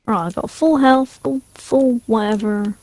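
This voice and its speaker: A woman talks her father through a co-op game, steady and reassuring, giving the directions. Her voice is slightly high, and it sounds dry and close, with no room around it. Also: a little slow, no echo. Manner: practical, reassuring, takes charge. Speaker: co-player, the host's daughter. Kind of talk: casual co-op gameplay chat.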